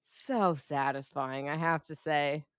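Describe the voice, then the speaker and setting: A woman's voice: deep voice, slow, smooth, dry recording, clean studio sound. A young adult woman co-hosting a casual movie review chat, swearing freely and laughing as she retells scenes. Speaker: podcast co-host.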